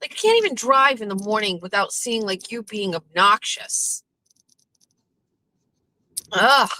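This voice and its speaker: A woman hosting her own show, chatting casually with lots of swearing and animated asides. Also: mid-range voice, slow, rough recording. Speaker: host. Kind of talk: casual chat.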